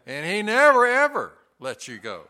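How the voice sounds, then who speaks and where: Lively, bright-voiced preacher man. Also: high-pitched, normal speed. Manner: earnest, storytelling preacher with folksy humor. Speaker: pastor. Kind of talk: sermon.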